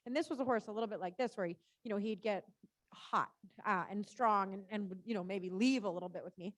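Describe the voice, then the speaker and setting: A woman's voice: medium pitch, fast, no room sound. A woman riding instructor coaching a rider through a live lesson, chatty and encouraging, often saying "right?" and "good".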